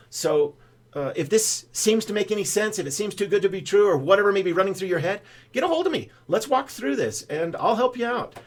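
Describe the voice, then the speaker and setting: An older man, a financial advisor, telling a rambling story in a casual straight-to-camera explainer, with a lot of "uh" fillers. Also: sits high. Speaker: financial advisor pitching whole-life insurance banking.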